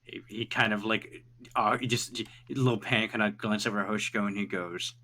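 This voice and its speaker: A man narrating a tabletop role-playing game as game master, in a casual, halting way with many restarts. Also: on the low side, fairly even intonation, bright, forceful tone.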